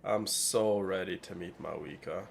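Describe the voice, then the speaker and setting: Brief: a sick, nasal male streamer rambling to viewers, low and gravelly. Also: a little slow, soft background music. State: sick, congested. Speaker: gaming streamer. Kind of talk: casual let's play commentary.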